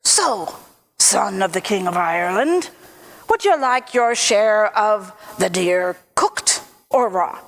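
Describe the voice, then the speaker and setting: Lady telling a story, doing the calm big bear guy, steady and reassuring, kinda slow. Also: mid-range voice. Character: big gruff helpful male brown bear.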